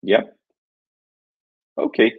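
A Brazilian man with a Brazilian Portuguese accent presents a live coding demo in halting English, searching for his words. The sound is phone quality.

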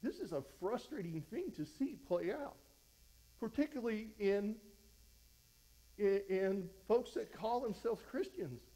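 High-voiced fervent male pastor preaching. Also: expressive, unhurried, warm tone, low-quality recording. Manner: fervent, exhorting, voice rises when fired up; conversational, frequent restarts. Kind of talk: verse-by-verse sermon.

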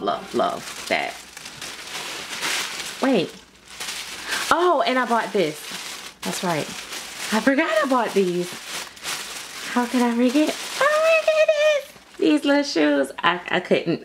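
A woman's voice: medium pitch, slow pace, long pauses. Lady gushing over her mail, voice jumping all over, lots of background noise. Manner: gushing, excitable, gasping and repeating phrases. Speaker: vlogger opening mail. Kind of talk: casual unboxing chat. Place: home. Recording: noisy home recording.

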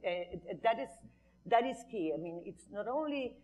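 A woman's voice: on the high side, animated, moderate pace, dull audio. A woman speaking on an advertising industry panel, earnest and emphatic, with frequent restarts. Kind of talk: panel discussion.

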